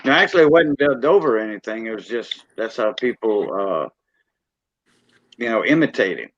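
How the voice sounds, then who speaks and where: Male stream host, halting casual delivery, dry and muffled lo-fi sound. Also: on the low side, expressive, no room sound. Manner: hesitant, repeats "yeah" a lot. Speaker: livestream host. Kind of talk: casual chat. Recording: dull lo-fi stream audio.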